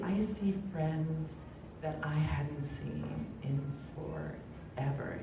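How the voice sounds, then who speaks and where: A middle-aged woman telling a personal story on stage at a live storytelling event, animated and emphatic, with chatty asides to the audience. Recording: echoey hall, far from mic, rumbling noise.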